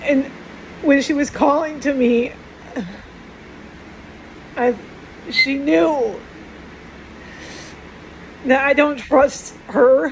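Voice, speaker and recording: A woman's voice: high-pitched, extremely slow, pauses often, slight background noise, rough recording. A middle-aged woman talking tearfully and in a rambling, upset way in a personal monologue, often trailing off and starting over.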